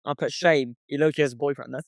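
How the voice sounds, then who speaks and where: A man's voice: fairly high pitch, steady tone, fast talker, vocal fry, no room sound. A young man co-hosting a casual podcast, telling a story by reading out text messages and swearing often. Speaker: podcast co-host. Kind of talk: casual chat.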